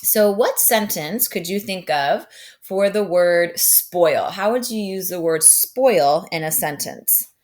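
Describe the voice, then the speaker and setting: A woman gives a phonics lesson to young children in a patient, upbeat way, often checking in with the listener. Her voice sits a little low for a woman. She keeps things clear and encouraging. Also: lively intonation, takes it slowly, a little mellow. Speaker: teacher.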